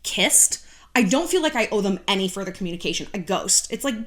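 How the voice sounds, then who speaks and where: A woman in her thirties talks straight to the camera, handing out dating advice in a blunt, sarcastic way. She swears casually, keeps her voice at a middling pitch, and switches into jokey put-on voices to mock the people she describes. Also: expressive, a little fast, a bit bright. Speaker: YouTube dating advice host.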